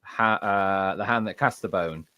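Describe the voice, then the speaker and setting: A man's voice: sits low, a little slow, sharp tone, no room sound. A man from England chatting casually as an audiobook narrator, rambling with lots of fillers and restarts. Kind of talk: casual chat.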